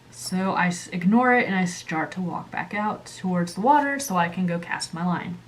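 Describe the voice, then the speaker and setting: A woman hosting her channel, telling a story casually while coloring, animated and chatty, jumping up in pitch when she acts out quotes. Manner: chatty, many fillers and asides. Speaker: channel host.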